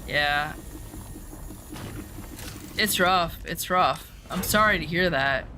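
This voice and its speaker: A woman's voice: fairly low pitch, slow pace, bright, forceful tone, a little hiss or hum. A woman streamer talking candidly in casual chat while playing a game, rambling with lots of fillers.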